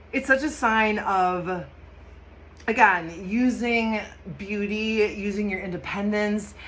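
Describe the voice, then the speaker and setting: A woman's voice: mid-range voice, fairly bright tone, a little hiss or hum. A woman giving a casual, enthusiastic tarot and astrology reading, talking emphatically, swearing freely and laughing often. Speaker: tarot reader.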